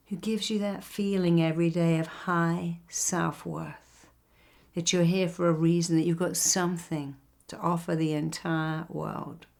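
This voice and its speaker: An older woman therapist giving a motivational talk. She tells stories and slows down to stress the key phrases. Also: lowish voice, level tone, creaky, darkish tone.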